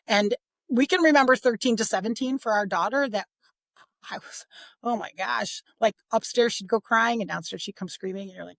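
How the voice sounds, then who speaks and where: Chatty, expressive middle-aged woman. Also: mid-range voice, brisk, vocal fry, no room sound. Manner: chatty, expressive, acts out quoted voices. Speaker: guest on parenting podcast. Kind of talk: casual podcast conversation.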